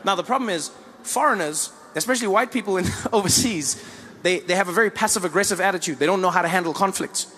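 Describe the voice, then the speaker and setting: A man telling stand-up stories on stage with animated delivery. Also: sits high, quick pace, breathy edge, long reverb tail. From South Africa. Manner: animated storytelling. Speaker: comedian. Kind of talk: stand-up comedy.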